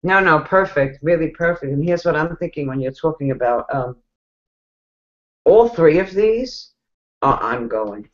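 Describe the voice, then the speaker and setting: A woman with a New York accent giving casual coaching advice, chatty and animated, laughing often. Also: low voice, unhurried. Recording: dull lo-fi sound.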